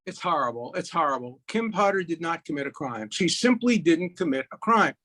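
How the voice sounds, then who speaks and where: High-voiced man in his eighties. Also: brisk. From Brooklyn, USA. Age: 80s. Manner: lively raconteur, punchy delivery. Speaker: guest, lawyer. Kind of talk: animated storytelling, joke-telling chat.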